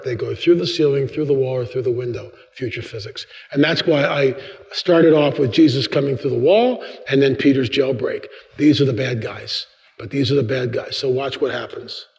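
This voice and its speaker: Animated man preaching in a reverberant hall. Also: moderate pace. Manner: animated, acts out quotes with big pitch jumps. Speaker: guest speaker. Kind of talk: humorous church talk. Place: large church hall. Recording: long hall reverb, dull sound.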